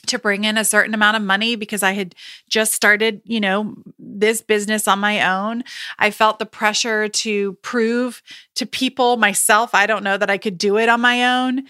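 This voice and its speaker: Chatty woman with a bright, dry voice. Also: a little high, no echo. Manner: chatty and emphatic, with frequent restarts and quoted asides. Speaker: podcast host. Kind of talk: casual solo podcast talk.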